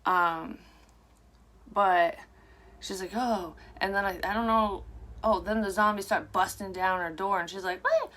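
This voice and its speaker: A psychic tarot reader does a casual, rambling card reading to camera for her viewers, speaking frankly and swearing freely. Her medium-pitched voice is animated, a bit bright, and unhurried.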